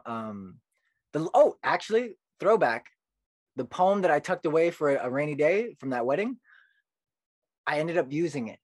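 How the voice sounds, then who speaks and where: A man talks as a poet guest on a podcast, animated and earnest as he tells his stories. His voice sits at an everyday pitch. The recording is dry, with no room sound. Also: dry recording. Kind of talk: casual podcast conversation.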